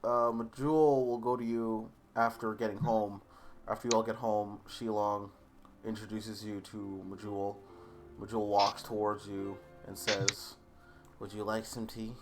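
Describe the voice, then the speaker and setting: A man's voice: lowish voice, flat delivery, a little slow. A man narrating as game master in a casual tabletop session, talking loosely with filler words.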